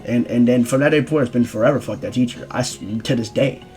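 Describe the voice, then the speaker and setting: A young man telling a profane, slangy story about his school days, jumping from loud exclamations to low mumbled asides. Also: fast talker, soft background music. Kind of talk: casual storytime rant.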